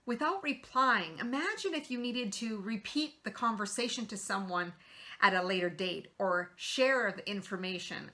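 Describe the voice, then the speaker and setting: A middle-aged woman hosts a motivational talk, earnestly coaching her audience with practical tips and rhetorical questions. Her voice is bright and clear at a medium pitch. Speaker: host.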